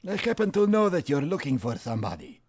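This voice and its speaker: A man's voice: a little high, huge pitch swings, quick pace, darkish tone, slight background noise, voice pushed up. A man voicing a drunk old man in a desert tavern who rambles theatrically and begs for beer. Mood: grand, knowing. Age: older.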